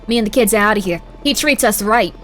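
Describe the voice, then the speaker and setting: A woman's voice: mid-range voice, fast, soft background music, lightly acted. A woman voicing a brash cheating wife in a New York accent, stretching out each "baby". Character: brash cheating wife leaving her husband.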